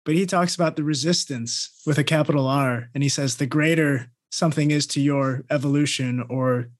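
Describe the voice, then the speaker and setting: A man's voice: fairly high pitch, normal speed. A man co-hosting an interview, thoughtfully bringing up a book he recommends. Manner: thoughtful, offers book references. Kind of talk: interview conversation.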